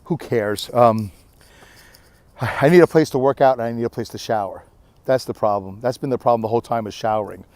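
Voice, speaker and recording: A middle-aged man speaks at an ordinary pitch in a tired, rambling way, like an outdoor vlog shot on a handheld camera. His talk is candid and a little self-mocking, with plenty of fillers. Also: brisk, darkish tone, no echo. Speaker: vlogger. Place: windy beach outdoors.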